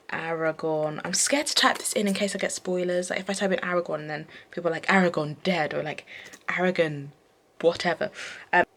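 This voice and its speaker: Young woman, low pitch, gravelly, casual rambling book chat. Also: a bit bright. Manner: chatty, rambling, lots of fillers and quick asides. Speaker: book vlogger. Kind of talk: casual reading vlog chat. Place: bedroom at night.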